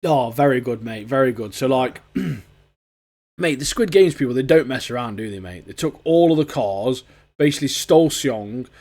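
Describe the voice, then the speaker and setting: A man co-hosting a podcast, chatting in excitable, slangy banter. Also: mid-range voice, normal speed. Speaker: podcast co-host. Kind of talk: casual chat.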